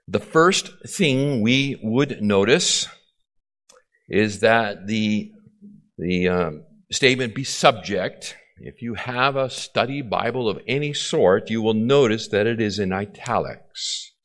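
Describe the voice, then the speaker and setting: Male pastor, lower voice, teaching sermon style, restates each point and checks for understanding. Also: lively intonation, takes it slowly, fairly bright tone. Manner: repeats key phrases, checks in with the congregation. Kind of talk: expository sermon.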